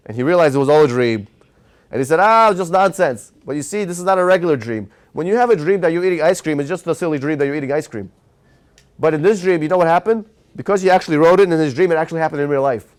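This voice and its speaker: A rabbi tells a lively story in a Torah class, speaking quickly in a high voice. He stops now and then to put questions to his listeners, then carries on. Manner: animated storyteller who quizzes his audience.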